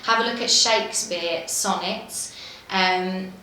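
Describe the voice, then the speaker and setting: A woman elocution tutor explaining techniques with clear, careful diction. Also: medium pitch, slow, bright, forceful tone, a little hiss or hum. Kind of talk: instructional explainer video. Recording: very echoey room.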